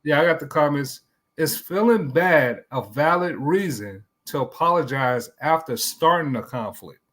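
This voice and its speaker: A man with a slightly raised pitch moderates a casual podcast debate. He keeps steering the group back to his question and often restarts his sentences. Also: animated, a bit bright. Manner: steers the talk, halting restarts. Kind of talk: casual debate among friends.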